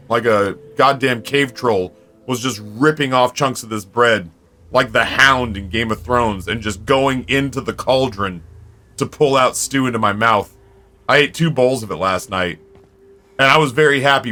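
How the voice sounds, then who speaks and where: A man streaming a game from home, telling stories to his viewers in an animated, foul-mouthed, casual way. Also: mid-range voice. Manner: animated storyteller, swears freely. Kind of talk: casual chat with viewers while gaming.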